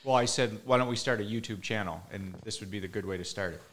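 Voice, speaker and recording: A co-host on a live Q&A who reads out viewer questions and makes dry, teasing quips. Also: male voice, fairly low pitch, fast talker, a bit bright. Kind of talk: live Q&A, casual chat.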